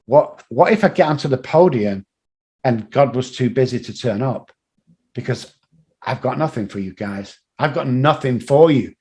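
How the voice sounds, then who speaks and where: With a mid-range voice at a moderate pace, the man, a guest and addiction recovery coach, brings his motivational stories to life by animatedly imitating the people in them.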